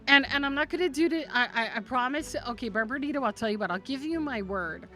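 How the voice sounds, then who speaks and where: A woman's voice: high voice, animated, quick pace, bright, forceful tone, soft background music. A woman streaming a game live, chatting playfully with her viewers, giggling and stumbling over her words as she talks to them by name.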